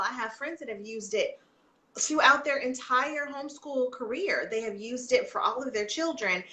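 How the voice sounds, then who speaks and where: Podcast guest, woman, bright chatty storyteller, roomy echo on the mic. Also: fairly high pitch. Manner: chatty storytelling, frequent fillers and restarts. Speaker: guest, homeschooling mother. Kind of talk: casual interview chat.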